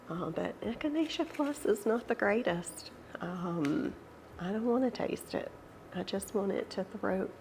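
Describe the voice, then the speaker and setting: Slow, gravelly-voiced Southern woman with a cold. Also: medium pitch, slight background noise. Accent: Southern American. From Georgia, USA. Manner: gentle, unhurried, devout. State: has a cold, nasal voice. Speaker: channel host. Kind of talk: casual tea-time Bible study chat.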